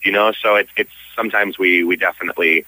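A man's voice: low voice, steady tone, fast talker, sharp tone, dry recording, poor audio. A young man from Canada, a stage actor, chatting easily as an interview guest. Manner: easygoing, frequent restarts. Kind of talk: casual interview.

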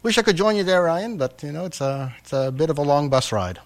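Hesitant radio host. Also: male voice, fairly high pitch, animated, a little fast. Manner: hesitant, many "uh" fillers and repeated words. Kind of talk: radio interview.

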